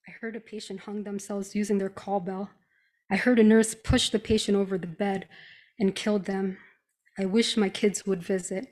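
A woman's voice: medium pitch, level tone, moderate pace, darkish tone. A woman performing a spoken-word piece at a live reading, reciting plaintive, repeated complaints in a patient's voice. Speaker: reader at a live reading event.

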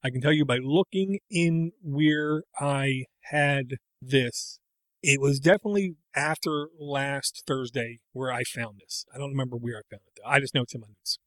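A man's voice: medium pitch, normal speed, a bit bright, no room sound. A middle-aged man co-hosting a casual chat, rambling and breaking off into tangents. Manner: rambling, self-interrupting, tangents. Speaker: podcast co-host.

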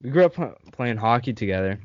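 A man's voice: medium pitch, lively intonation, fast talker. Young man telling a laughing story. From Canada. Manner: laughing storyteller, lots of swearing. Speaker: host. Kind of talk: casual chat with friends. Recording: dull lo-fi dry sound.

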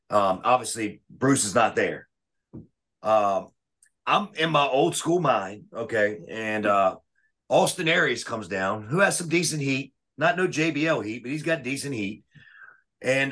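A man telling wrestling stories in a casual, profane and animated way. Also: medium pitch. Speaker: wrestling referee guest. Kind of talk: casual storytelling.

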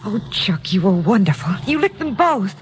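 An actress playing a young woman, the detective's eager girlfriend, with a breathy voice in a 1950s radio drama. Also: medium pitch, very animated, normal speed, very noisy, close to an everyday voice.

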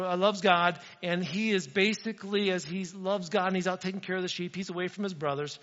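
High-voiced man preaching a sermon. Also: fairly bright tone, big-room sound, highs cut off. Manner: conversational, addresses the congregation directly. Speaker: pastor.

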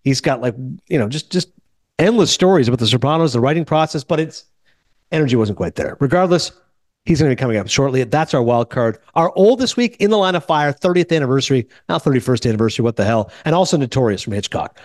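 A man hosting a casual movie podcast, telling stories quickly and acting out the people he quotes. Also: mid-range voice, dry recording, studio quality. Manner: fast, animated storytelling with quoted voices. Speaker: podcast host.

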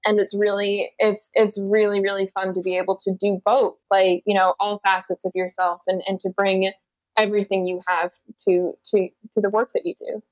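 A woman, an actor guest in a casual interview, talking in a chatty way with restarts and quick laughs. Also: mid-range voice, little pitch movement, dry recording, highs cut off. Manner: chatty, many restarts and likes, laughs easily.

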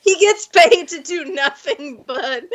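Young female co-host, laughs a lot, very high and animated, unhurried. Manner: laughs often, playful. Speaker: podcast co-host. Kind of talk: casual chat.

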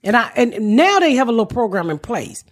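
Husky, blunt, profane woman podcast host. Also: on the high side, big pitch swings, fairly quick. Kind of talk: casual chat.

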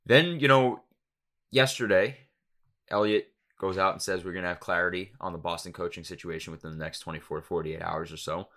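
A man co-hosting a casual sports podcast, making wry, quick jokey asides. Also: deep voice, fairly even intonation, fairly bright tone. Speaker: podcast co-host.

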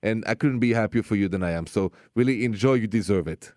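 A man hosting a radio advice show, speaking in an upbeat, emphatic and animated way. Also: fairly low pitch, quick pace, no room sound, studio quality.

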